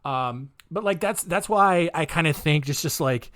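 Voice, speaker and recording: A man's voice: fairly high pitch, lively intonation, moderate pace, a bit bright, no room sound, studio quality. A man hosting a casual true crime podcast at home, joking and rambling with many fillers. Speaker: podcast host. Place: home recording space.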